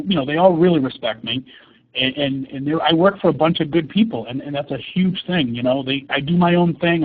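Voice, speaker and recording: A man who sells cars talks bluntly about money as an interview guest, often repeating words. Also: a little high. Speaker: car salesman guest. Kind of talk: casual interview on a webinar. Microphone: phone call. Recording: tinny phone line with faint hiss.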